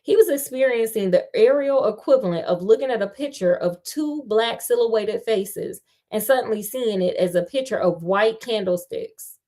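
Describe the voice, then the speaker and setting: A woman's voice: a little high, moderate pace, few pauses. A woman reading a novel aloud, breaking off now and then for slangy asides to her listeners. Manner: breaks off to talk back to the story with slangy commentary; lively, expressive delivery, stumbles and restarts. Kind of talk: casual read-aloud with chatty asides.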